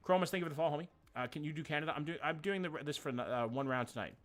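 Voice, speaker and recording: A man's voice: fairly high pitch, very fast, a bit bright. Chatty male streamer thinking aloud. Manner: chatty, thinks aloud, swears, greets viewers. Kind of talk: casual live-stream chat while playing.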